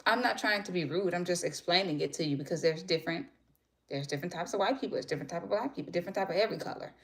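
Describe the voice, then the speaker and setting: Young woman w/ just chatting to her followers, kinda low voice, rambly storytelling. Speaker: vlogger. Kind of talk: casual chat to viewers.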